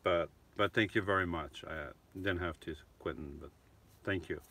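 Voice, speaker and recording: Middle-aged male vlogger, lowish, bright-edged voice, rambly, self-correcting live-chat delivery. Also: moderate pace. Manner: chatty, rambling, frequent restarts and self-corrections. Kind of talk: casual live-stream chat.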